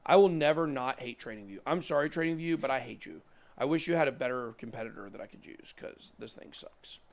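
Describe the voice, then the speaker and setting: A thirty-something man with a mid-range voice and lively intonation speaks briskly while hosting a relaxed crypto show. He wanders through live price charts, mixing in jokey, self-deprecating remarks.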